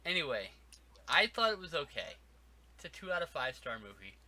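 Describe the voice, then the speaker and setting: A man's voice: on the high side, big pitch swings, a little fast, pushed and bright, a little hiss or hum. A man co-hosting a podcast, talking about a film in a rambling, wry way full of "like" and restarts. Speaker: podcast co-host. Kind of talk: casual movie review chat.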